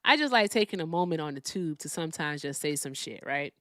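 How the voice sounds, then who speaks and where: Woman streamer, profane emphatic rant, lively pitch, dry close sound. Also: brisk, dry recording. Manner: profane, emphatic, repeats "all right?" tags. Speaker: host. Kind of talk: live-stream political rant.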